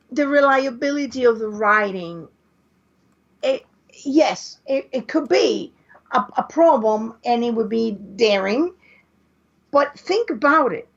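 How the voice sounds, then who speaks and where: A woman co-hosting a podcast, arguing her view in casual chat and often restarting her sentences. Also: sits high. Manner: hesitant, restarts often while arguing a point. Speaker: podcast co-host. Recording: dull lo-fi podcast audio.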